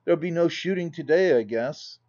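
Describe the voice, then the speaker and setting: A man reading a loud, brash young gentleman. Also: on the high side, lively intonation, brisk, lo-fi sound, lightly acted. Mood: boastful.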